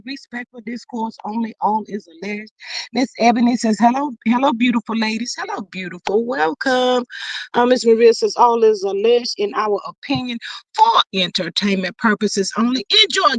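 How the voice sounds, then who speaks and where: A woman hosting a casual live stream, greeting viewers and reading out their comments in an animated, slangy way. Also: fairly high pitch, no room sound. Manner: chatty, animated, Southern-style slang.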